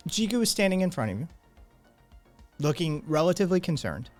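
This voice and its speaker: A man's voice: on the high side, big pitch swings, a little mellow. Guy gm describing the scene, easygoing, some ums, faint music behind. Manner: descriptive, unhurried narration with hesitant fillers. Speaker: game master. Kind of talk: narrating a tabletop game.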